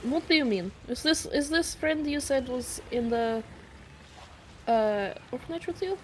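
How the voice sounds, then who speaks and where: A woman voicing a blunt, inquisitive adventurer who keeps pressing with questions. The voice is high and bounces all over, over faint noise. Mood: curious. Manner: quick, pointed questions, lively. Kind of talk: tabletop in-character roleplay.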